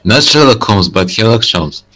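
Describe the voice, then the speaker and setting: A man's voice: fairly low pitch, lively intonation, normal speed, bright, forceful tone, rough recording. A man co-hosting a game let's play, talking casually and hesitantly with many fillers. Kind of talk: casual chat.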